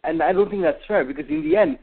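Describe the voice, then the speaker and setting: A man's voice: high voice, huge pitch swings, quick pace, creaky. A man calling in to a radio talk show, speaking hesitantly with many fillers and restarts, heard over a tinny phone line. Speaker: caller. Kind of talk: call-in radio chat.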